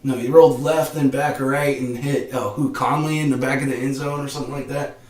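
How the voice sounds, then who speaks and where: A man hosting a casual live-stream podcast, talking excitedly with slang and frequent laughter. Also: mid-range voice, a little fast. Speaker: podcast host. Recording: roomy echo.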